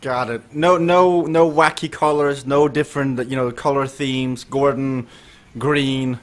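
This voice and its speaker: A man's voice: mid-range voice, fairly even intonation, measured pace. A man hosting a casual live stream of a group bike ride, joking and laughing often and asking riders questions. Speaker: host of a virtual cycling group ride stream.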